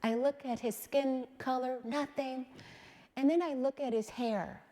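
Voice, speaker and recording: A middle-aged woman speaks to an audience in a slightly raised voice. She tells a personal story in a measured, deliberate way and keeps asking "right?" as she goes. Her delivery is steady and thoughtful. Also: high-pitched, big-room sound. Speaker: speaker giving a talk. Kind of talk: storytelling public talk.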